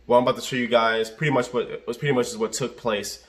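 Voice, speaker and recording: A man's voice: medium pitch, steady tone, fast, hardly any pauses. A man recounting a rideshare trip in casual, rambling talk from inside his car, repeating himself and using many fillers. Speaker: rideshare driver and vlogger. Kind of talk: casual storytelling to camera.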